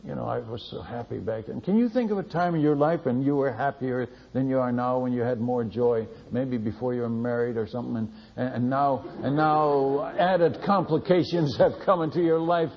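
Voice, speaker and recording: A man, a missionary, tells a lively testimony story, laughing and repeating words as he goes. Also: mid-range voice, normal speed, creaky, hardly any pauses, big-room sound. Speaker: missionary speaker. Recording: dull lo-fi recording.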